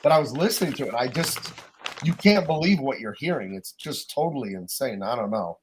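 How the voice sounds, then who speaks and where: A man's voice: medium pitch, lively intonation, a little fast, noisy background. A man co-hosting a podcast, chatting casually in rambling, emphatic bursts. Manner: rambling, lots of "like" and restarts, emphatic. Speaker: podcast co-host.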